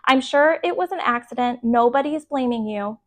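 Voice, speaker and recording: A woman's voice: a little high, a little fast, fairly bright tone, close to an everyday voice. A woman reading aloud voicing a doting mother who soothes her hurt little boy. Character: doting, gentle mother of young boys.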